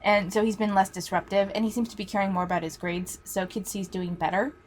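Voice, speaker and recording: A woman's voice: mid-range voice, flat delivery, brisk, slight background noise. A woman teacher telling a story in a casual, chatty way, swearing freely.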